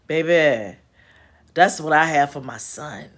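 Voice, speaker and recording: Slow-talking woman chatting casually. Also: low-pitched. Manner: chatty, laughing asides, folksy slang. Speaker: host. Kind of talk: casual spiritual chat. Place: home. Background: home repair noise.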